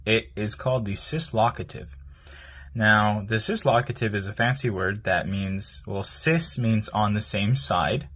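A man with a low, husky voice walks through a language lesson, explaining each part of a word. He talks in a hesitant, explanatory way, with plenty of fillers and pauses. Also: a bit bright. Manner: explanatory, hesitant with many ums. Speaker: language teacher.

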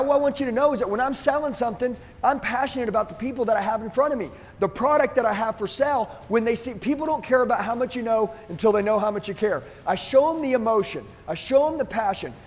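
A man's voice: very high voice, husky, big-room sound. A middle-aged man, a sales trainer, giving an intense, emphatic motivational talk to the camera.

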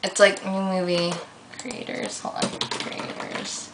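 A young woman vlogger ranting casually to her camera, rambling with lots of fillers and getting excitable as she tells a story. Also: medium pitch, slow, noisy background.

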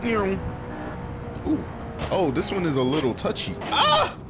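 On the high side and a bit slow, this gaming YouTuber delivers rambling, excitable play-by-play laced with swearing and constant fillers. Loud game music runs behind his voice, mixed with loud music and car engines.

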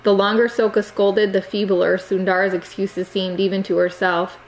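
A woman narrating an audiobook chapter in a steady, measured reading. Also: medium pitch, low-quality recording.

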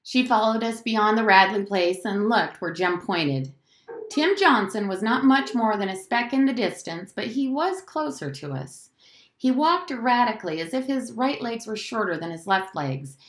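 A woman teacher reading a novel aloud to her class, in an expressive storytelling manner. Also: on the high side, normal speed, roomy sound.

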